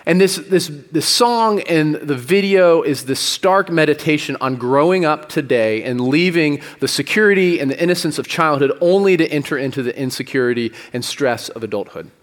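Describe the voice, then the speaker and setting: A man's voice: fairly high pitch, animated, normal speed, hardly any pauses, in a large hall. A man, a pastor, preaching a sermon in a loose, joking, conversational way. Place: church sanctuary.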